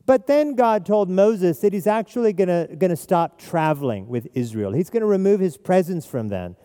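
A man's voice: sits high, animated, moderate pace, dark tone, big-room sound. A man preaching an expository sermon as pastor, emphatic and repeating his key phrases.

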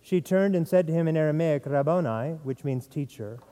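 Middle-aged pastor man preaching, mellow but high voice, long echo of a big hall. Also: fairly quick. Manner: earnest, repeats words when stressing a point. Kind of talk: sermon.

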